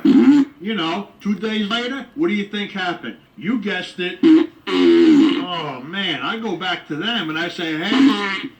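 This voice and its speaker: A man's voice: high-pitched, a bit bright, distant mic, low-quality recording. A man delivering a rambling comic monologue straight to the camera, brash and full of groans, asides and complaints. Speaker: comedian.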